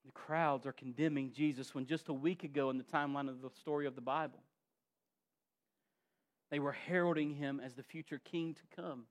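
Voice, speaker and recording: A male pastor preaching a sermon, dropping quiet and then rising loud and emphatic. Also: mid-range voice, steady tone, normal speed.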